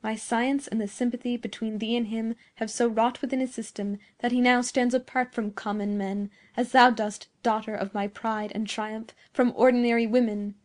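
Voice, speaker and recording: A woman voicing a proud, scheming old male scientist in a storybook reading, declaiming loudly and grandly. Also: fairly high pitch, little pitch movement, moderate pace, hardly any pauses, lightly acted.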